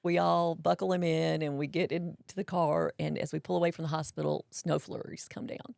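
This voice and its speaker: A woman, telling a personal story as an interview guest, folksy and animated, acting out what others said. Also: low-pitched, fairly quick, creaky, dry recording, studio quality. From Mississippi, US.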